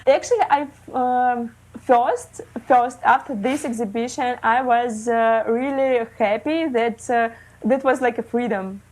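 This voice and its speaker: Russian-born woman, 30s, non-native English, slightly high, slow and halting, interview guest. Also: darkish tone, rough recording. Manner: hesitant, many fillers, non-native phrasing. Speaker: guest, illustrator. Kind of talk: casual interview talk. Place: living in Germany.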